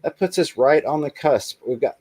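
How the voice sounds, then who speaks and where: A man's voice: fairly high pitch, expressive, normal speed, background noise. A man hosting a casual livestream in an upbeat way, reading the chat aloud and thanking viewers. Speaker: livestream host.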